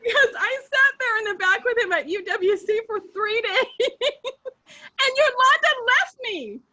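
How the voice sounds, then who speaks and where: A woman co-hosting a morning talk show, telling stories in a lively, animated way and acting out the quotes. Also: very high-pitched, measured pace, dull audio. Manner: animated storyteller, laughs often, acts out quotes. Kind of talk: casual chat.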